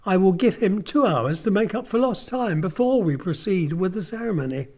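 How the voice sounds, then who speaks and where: A sarcastic old aristocrat, voiced by a reader, speaks with icy courtesy. His pitch rises and falls freely, full of contempt. It is a dramatic reading of a classic tale. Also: expressive, normal speed, warm tone, natural voice. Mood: coldly mocking. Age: older. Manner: icy, mocking politeness. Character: stern old nobleman, coldly sarcastic uncle.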